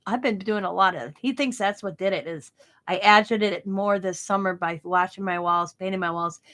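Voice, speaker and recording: A woman's voice: mid-range voice, moderate pace. A woman in her fifties, a crafting channel host, casually telling a story to her viewers, laughing often and acting out what others said. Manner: animated, often laughing, acts out quoted dialogue.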